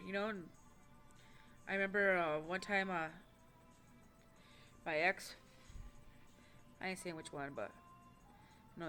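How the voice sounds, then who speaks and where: A woman's voice: medium pitch, fairly bright tone. A woman telling a personal story to the camera in a rambling, blunt way, swearing constantly. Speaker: vlogger. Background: faint background music.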